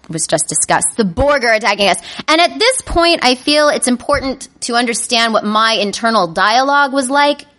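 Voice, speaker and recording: A woman telling a funny personal story to an audience, animated and self-mocking, acting out her own panicky inner voices. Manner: acts out her inner voices with sudden high-pitched panic.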